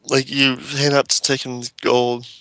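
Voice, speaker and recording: Bright-voiced male game master. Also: mid-range voice, measured pace, clean tone. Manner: relaxed, describing scenes and asking players questions. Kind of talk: narrating a tabletop game.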